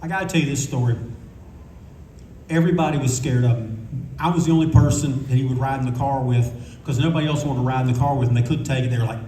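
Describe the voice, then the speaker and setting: A man's voice: medium pitch, fast talker, mellow, distant mic, slight background noise. An older man telling rambling, candid stories on a convention panel, swearing freely as he goes. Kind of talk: casual anecdotal storytelling. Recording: echoey room recording from afar.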